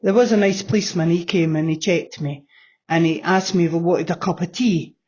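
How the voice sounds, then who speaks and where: A woman's voice: on the low side, a little fast, darkish tone. A woman in her sixties giving a blunt personal testimony in an interview, swearing freely and repeating phrases for emphasis. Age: 60s. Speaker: interview guest.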